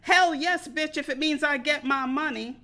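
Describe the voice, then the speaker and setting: A woman voicing a loud, foul-mouthed, penny-pinching inner voice in a spoken story, shouting and cursing. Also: sits high, moderate pace, voice pushed up. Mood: furious.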